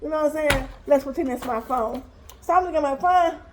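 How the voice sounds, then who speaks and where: Woman, high pitch, animated storyteller, talks to viewers, emotional. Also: quick pace, background noise. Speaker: vlogger.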